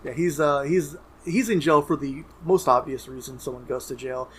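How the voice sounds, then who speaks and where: A man's voice: mid-range voice, normal speed, a little hiss or hum. A man co-hosting a casual gaming podcast, chatty and rambling, often restarting his sentences. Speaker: podcast co-host.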